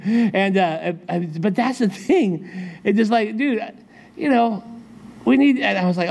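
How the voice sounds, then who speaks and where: Animated casual man preaching a sermon. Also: normal speed. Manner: lively, acts out quotes with shifting pitch, chatty asides. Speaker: pastor. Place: church sanctuary.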